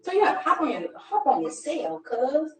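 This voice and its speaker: A woman's voice: high-pitched, big pitch swings, unhurried. A woman hosting a casual live stream, slangy, playful and coaxing. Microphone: phone. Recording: echoey room with faint music.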